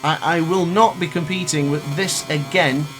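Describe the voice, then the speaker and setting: A man's voice: fairly high pitch, steady tone, moderate pace, a bit bright, slight background noise. A man in his late twenties commentating his own racing game live, ranting in frustration between exasperated laughs. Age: 20s. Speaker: gaming YouTuber.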